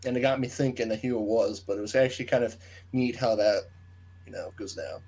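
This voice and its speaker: A man's voice: on the low side, fairly quick, darkish tone, slightly rough. A man co-hosting a podcast, explaining plot details at length in casual chat and trailing off into asides. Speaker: podcast co-host. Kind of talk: casual book discussion chat.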